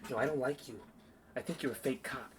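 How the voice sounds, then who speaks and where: A young man on a casual podcast, animated and laughing often as he acts out movie lines in loud, excited voices. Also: medium pitch, brisk, a little hiss or hum. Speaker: podcast co-host. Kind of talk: casual chat, acting out movie quotes.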